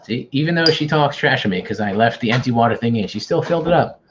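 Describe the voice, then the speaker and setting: A man's voice: mid-range voice, lively intonation, quick pace, lo-fi sound, background noise. A man hosting an online quiz, bantering casually and teasing himself. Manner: joking, self-deprecating banter. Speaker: quiz host.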